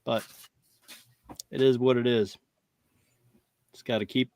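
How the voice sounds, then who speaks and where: A man's voice: mid-range voice, steady tone, takes it slowly, pauses often, darkish tone, no room sound. A man co-hosting a podcast in casual chat, rambling along, laughing often and acting out lines he quotes. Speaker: podcast co-host.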